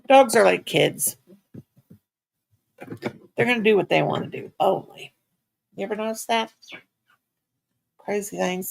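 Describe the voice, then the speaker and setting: A woman's voice: medium pitch, very animated, moderate pace, vocal fry, pauses often, slightly rough. A woman chatting casually at home on her livestream, talking to herself and cooing at her pets in baby talk. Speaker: livestream host.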